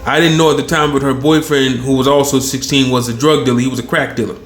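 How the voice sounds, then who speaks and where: A man in his thirties telling a long personal story in a rambling, profane, animated way. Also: mid-range voice, fast talker, soft background music. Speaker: channel host. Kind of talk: casual storytelling monologue. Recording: roomy echo.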